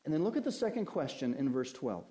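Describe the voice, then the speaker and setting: Man preaching in a mellow voice. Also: on the high side, quick pace. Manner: conversational preaching with lively anecdotes and rhetorical questions. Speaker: pastor. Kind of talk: sermon.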